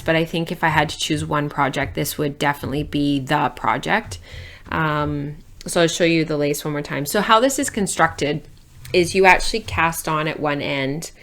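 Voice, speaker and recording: A woman's voice: deep voice, fairly bright tone. A woman hosting a knitting video, chatting casually with many ums and restarts as she shows off her work. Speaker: knitting podcast host. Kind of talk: casual show-and-tell chat.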